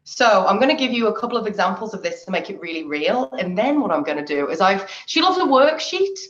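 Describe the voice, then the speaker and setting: A chatty woman, leading a lively online confidence workshop and laughing often. Her voice sits at a middle pitch. The recording is dull and lo-fi, with a roomy echo. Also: fast talker. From England. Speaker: confidence trainer. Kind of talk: live online workshop talk. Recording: echoey, dull lo-fi audio.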